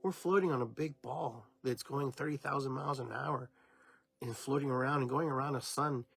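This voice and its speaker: Husky-voiced man giving a spiritual monologue. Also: mid-range voice, moderate pace, a bit bright, no echo. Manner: meandering, reflective, with many restarts. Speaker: podcast host. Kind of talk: spiritual talk, unscripted monologue.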